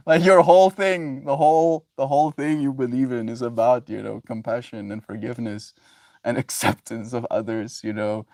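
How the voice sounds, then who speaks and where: A man with a mid-range, darkish voice livestreams at a moderate pace and fairly even intonation, drifting through casual spiritual thoughts on love and forgiveness. He laughs a lot while reading chat, his talk loose and full of filler, and the sound is dry and clean, like a studio.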